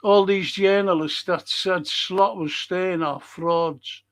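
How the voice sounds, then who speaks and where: A man's voice: high-pitched, fairly even intonation, takes it slowly, fairly bright tone. A man hosting a casual live-stream fan podcast, talking bluntly, swearing freely and reading out viewer comments. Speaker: podcast host.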